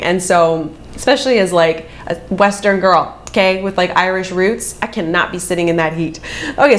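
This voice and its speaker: Woman vlogger, thirties, casual storytime chat, animated, acts out quotes in a high voice. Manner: animated, chatty, acts out quotes with big pitch jumps.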